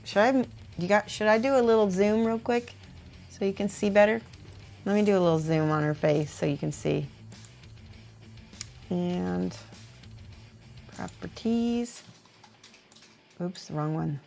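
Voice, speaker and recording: A woman livestreaming as she paints miniatures, reading viewer messages aloud and thinking out loud between brushstrokes. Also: medium pitch, a little slow, creaky, long pauses, soft background music. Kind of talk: casual livestream chat while painting.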